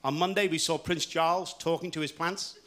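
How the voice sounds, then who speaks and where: Chuckling comedian hosting a live show. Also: male voice, a little high, fairly even intonation, heavy background noise. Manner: brisk joke-telling with chuckles. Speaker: variety show host. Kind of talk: live stand-up monologue. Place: large theatre stage. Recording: live theatre with roaring audience. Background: loud audience laughter and applause.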